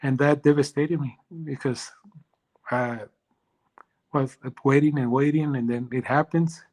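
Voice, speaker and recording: A man as an interview guest, telling a personal story in a halting way with many restarts. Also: medium pitch, fairly even intonation, darkish tone, low-quality recording.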